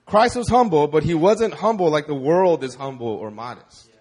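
A man preaching a sermon in a conversational, animated way, with casual fillers. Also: on the high side, normal speed, husky. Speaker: pastor.

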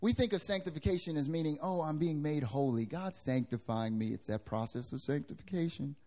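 A young adult man preaching a sermon as pastor to a congregation in a church, with big swings in pitch and loudness and casual slang. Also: a little fast.

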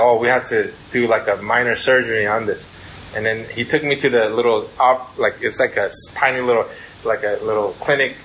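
A man preaching a conversational sermon as pastor, telling stories in an animated way and often checking in with "right?". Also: medium pitch, slight background noise, rough recording.

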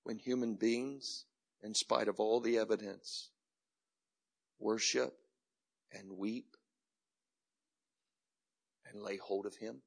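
A man preaching a sermon as pastor, building from quiet reflection to shouted climaxes in a rhythmic, repetitive cadence. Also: on the low side, fairly even intonation, slow pace, creaky, long pauses, slightly rough.

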